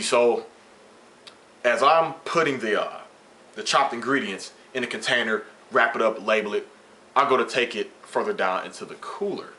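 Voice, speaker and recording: A man with a bright, forward voice at an ordinary pitch tells a story straight to camera, casual and full of slang. He acts out the people in his story, with the odd swear word. A faint hum sits under his voice. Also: moderate pace. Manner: animated, slangy, profane retelling with quoted dialogue. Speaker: vlogger.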